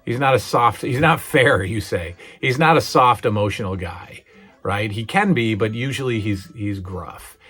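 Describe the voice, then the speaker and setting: In a lowish, fairly bright, slightly rough voice, a middle-aged man hosts his own channel and chats casually and hesitantly about memorable TV moments. He leans on fillers and restarts, shows a touch of emotion, and gets worked up retelling scenes.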